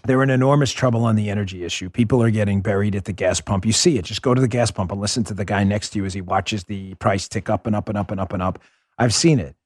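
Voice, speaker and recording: A man's voice: on the low side, breathy edge, dry recording. Man hosting a commentary show, fired-up, sarcastic, dry close mic. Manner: fast, fired-up, sarcastic, laughs often. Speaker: podcast host.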